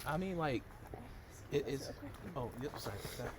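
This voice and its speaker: A man's voice: medium pitch, animated, normal speed, very noisy. A young man co-hosting a casual podcast, joking and easygoing. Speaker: podcast co-host. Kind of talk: casual chat.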